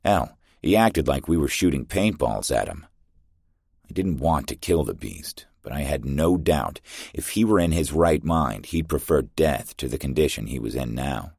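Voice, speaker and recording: A man narrating a first-person science fiction audiobook in a steady, terse way. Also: very deep voice, normal speed, gravelly, slightly rough, no room sound, studio quality.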